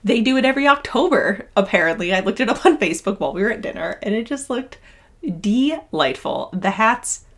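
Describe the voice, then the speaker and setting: A woman's voice: mid-range voice, lively intonation, a little fast, fairly bright tone. Young woman rambling happily about yarn, gushy, trails off and restarts a lot. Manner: gushing, chatty, rambling with restarts. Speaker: knitting vlogger and yarn dyer. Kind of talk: casual vlog chat.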